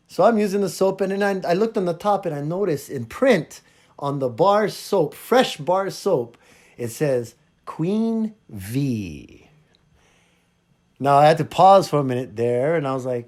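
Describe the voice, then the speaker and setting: A man hosting a podcast, telling a funny story in a casual, animated way and acting out both sides of a conversation. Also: on the high side, unhurried. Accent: Hawaiian. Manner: animated, jumps between loud and quiet, acts out dialogue. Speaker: podcast host.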